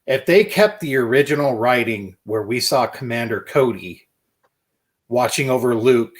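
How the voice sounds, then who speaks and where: A man's voice: mid-range voice, animated, moderate pace. A man giving blunt, opinionated takes in a casual chat as a co-host.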